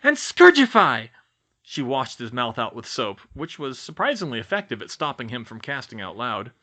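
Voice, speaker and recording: A man narrating a fantasy audiobook with an expressive, animated delivery. His voice is bright and forceful. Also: mid-range voice, a little fast. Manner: lively, expressive reading. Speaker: audiobook reader. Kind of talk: fan fiction audiobook narration.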